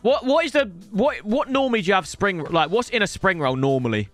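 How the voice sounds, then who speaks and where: A young man giving live video game commentary, chatty and slangy, breaking into loud excited outbursts as he talks to his viewers. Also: high voice, brisk, no room sound, soft background music. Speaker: gaming YouTuber.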